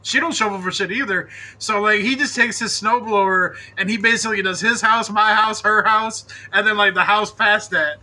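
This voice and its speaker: A man's voice: high voice, steady tone, moderate pace, hardly any pauses, sharp tone. A man in casual podcast chat, laid-back and profane, filling his talk with "like". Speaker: podcast co-host.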